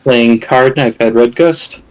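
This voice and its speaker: A man serving as game master and storyteller, pausing often and searching for words. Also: mid-range voice. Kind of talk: narrating a tabletop game.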